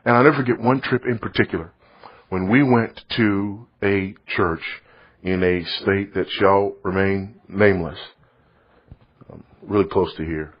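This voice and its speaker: A middle-aged man preaching, telling a story in a sermon, swinging from loud to hushed. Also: deep voice, fairly even intonation, a little slow, breathy edge. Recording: dull lo-fi recording.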